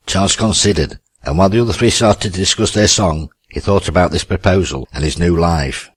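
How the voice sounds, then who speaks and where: A man narrating an audiobook in a steady, wry way. His voice is very low and husky, and the recording is dry and close. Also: fairly quick, few pauses, no echo. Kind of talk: scripted narration.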